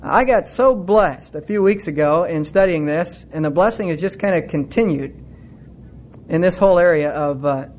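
A middle-aged male preacher with a notably high voice delivers his sermon with earnest conviction. His pitch climbs further when a thought excites him, and he moves between teaching and heartfelt emphasis. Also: normal speed.

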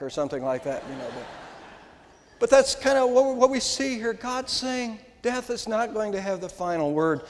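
An older man, a pastor, preaching an Easter sermon in a church, with emphatic rises and slow, stressed words. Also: sits high, lively intonation. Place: church sanctuary. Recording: long hall reverb.

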